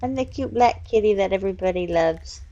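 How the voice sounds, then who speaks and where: A woman's voice: medium pitch, fairly quick, warm tone, muffled recording, close to an everyday voice. A woman voicing her own cute female black cat, playful and self-admiring. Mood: smug.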